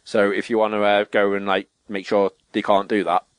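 A young man, a podcast co-host telling stories in casual chat and jumping up in pitch to act out quotes. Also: moderate pace, smooth, no echo. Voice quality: animated storyteller, swearing, acting out quotes in a higher voice.

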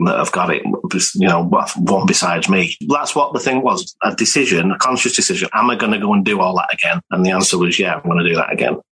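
Husky low-voiced man telling stories. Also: bright, forceful tone, poor audio. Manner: chatty, rambling anecdotes with laughs and restarts. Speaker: guest, memorabilia collector. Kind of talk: casual conversational interview.

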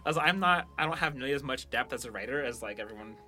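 A man's voice: medium pitch, expressive, fast, sharp tone. A man co-hosting a podcast in casual banter, chatty and laughing often. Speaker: podcast co-host and writer.

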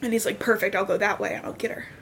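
A woman's voice: medium pitch, racing, fairly bright tone, a little hiss or hum. A young woman co-hosting a podcast, casually recapping a novel and acting out the characters' lines as she goes. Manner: chatty, acts out dialogue in quotes. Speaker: podcast co-host.

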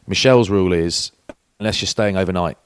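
This podcast co-host is a man in his forties whose voice sits low, with a clean tone and a slightly fast pace. Chatting casually, he tells anecdotes and acts out the voices of people he quotes.

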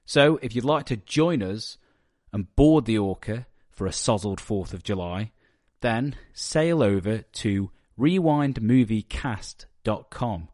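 A man's voice: lowish voice, lively intonation, slow pace, darkish tone, no room sound, clean studio sound. A man, a podcast host, reading a playful, jokey intro. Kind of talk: scripted intro.

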